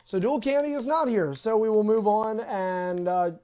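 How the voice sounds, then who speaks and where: His voice is high-pitched and mellow at normal speed, in lo-fi sound. The young man is hosting a livestreamed online wrestling league, arranging matches casually and cursing with bossy impatience at players who are running late.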